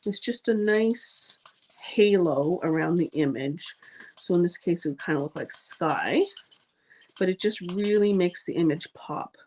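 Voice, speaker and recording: A woman's voice: on the low side, a little slow, darkish tone, slight background noise. A woman hosting a live card-making demonstration, chatty and gushing, with frequent ums as she works. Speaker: card-making channel host.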